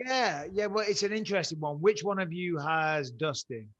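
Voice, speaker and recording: An English man with a slight American twang tells stories on a podcast, his voice sitting a little high for a man. He swears casually and acts out both sides of every exchange, getting louder as he goes. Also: animated, moderate pace, lo-fi sound. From England. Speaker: podcast guest, former fighter. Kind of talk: casual chat, animated storytelling.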